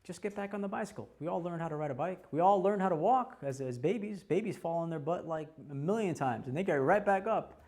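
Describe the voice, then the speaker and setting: A man in his forties teaching a class by telling his own story, animated and laughing often. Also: a little high, a little fast, few pauses. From United States. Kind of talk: personal storytelling talk.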